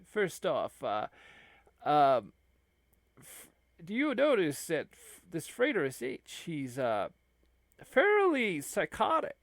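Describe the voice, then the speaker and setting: A man voicing a grave male abbot who talks slowly and haltingly in a low, hushed voice. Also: huge pitch swings, no room sound, exaggerated voice.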